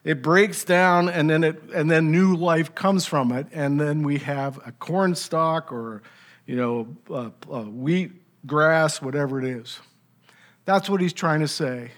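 A man's voice: on the high side, unhurried. A man preaching a sermon, teaching in an emphatic, conversational way with rhetorical asides.

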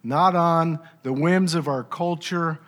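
High-voiced man preaching a sermon. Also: slow pace, a bit bright. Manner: emphatic, conversational teaching with rhetorical asides.

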